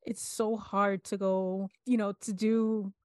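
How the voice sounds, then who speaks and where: A woman's voice: mid-range voice, flat delivery, slow, no echo. A young woman co-hosting a candid talk, earnestly retelling events with quoted dialogue. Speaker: podcast co-host. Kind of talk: candid personal conversation.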